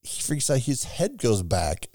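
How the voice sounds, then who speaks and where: A man's voice: mid-range voice, huge pitch swings, measured pace, mellow, no room sound, studio quality. A man casually recapping a movie's plot scene by scene, acting out bits of dialogue as he goes. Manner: rambling retelling with acted-out quotes. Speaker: podcast co-host recapping a film. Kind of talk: casual film recap chat.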